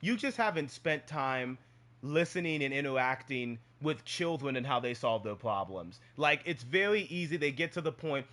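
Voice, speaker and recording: A man's voice: mid-range voice, animated, moderate pace, bright, forceful tone. Man, mid-range voice, casual live-stream co-host, earnest and repetitive. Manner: earnest, repeats points for emphasis. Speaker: podcast co-host. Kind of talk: casual opinion talk.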